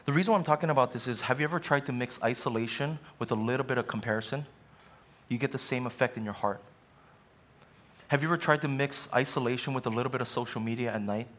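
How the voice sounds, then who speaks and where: A man's voice: medium pitch, fairly bright tone. A male pastor preaching a sermon in an earnest, conversational way, with asides to the congregation.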